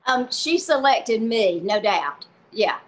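This is an older woman with a Southern American accent, talking on a video call as a comedian guest. Her voice sits a little high, and she tells folksy stories with frequent laughter in an easy, casual way. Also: lively intonation, slow pace. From Southern US, Georgia. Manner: folksy, laughs often, storytelling. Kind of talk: casual interview chat.

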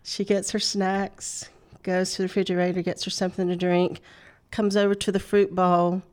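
A woman's voice: on the low side, flat delivery, normal speed, a little mellow. A middle-aged woman, laughing often as she tells a personal story on a faith talk show. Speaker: guest.

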